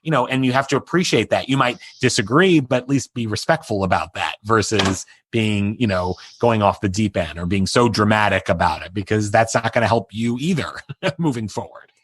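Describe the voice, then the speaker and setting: A man's voice: fairly low pitch, expressive, brisk, a bit bright, breathy edge, no echo. A middle-aged man, a guest on an interview show, telling a personal story in a rambling way full of "you know" and restarts. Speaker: interview guest, entertainment publicist.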